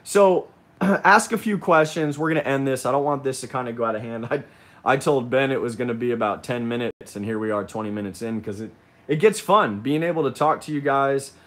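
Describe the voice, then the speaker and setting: A man's voice: medium pitch, fairly quick, fairly bright tone. Rambling man hosting a live chat. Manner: rambling, with frequent ums and restarts. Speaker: livestream host. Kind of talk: casual live chat, reading viewer comments.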